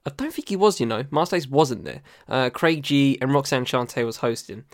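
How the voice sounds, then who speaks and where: A man's voice: medium pitch, animated, normal speed, dry recording, clean studio sound. A young man with an English accent hosting a casual music podcast, chatty and slangy, laughing often. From England. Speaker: podcast host.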